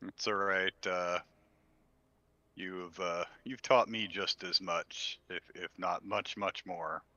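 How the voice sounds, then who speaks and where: A deep-voiced man talks very slowly with a bright, tense edge, stopping often on fillers as he voices his character. The recording is dry and dull, with the top end cut off. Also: fairly even intonation, dry recording. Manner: slow, hesitant with fillers. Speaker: player. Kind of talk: in-character tabletop role-play.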